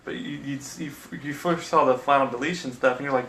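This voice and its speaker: A man co-hosting a casual chat, halting and repeating words as he searches for them. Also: medium pitch, fairly even intonation, a bit bright. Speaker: podcast co-host. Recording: echoey room, faint noise.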